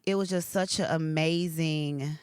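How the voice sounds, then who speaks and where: A woman co-hosting a podcast, telling a heartfelt personal story in a soft, emotional, conversational way. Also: low voice, steady tone, measured pace, clean tone, no echo, clean studio sound. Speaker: podcast co-host, hairstylist. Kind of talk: casual chat.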